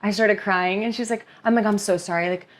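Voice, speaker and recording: A young woman chatting as a podcast guest, expressive and rambling, with a lot of "like" in her talk. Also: medium pitch, fairly quick. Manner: expressive, rambling, heavy use of "like". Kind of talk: casual confessional chat.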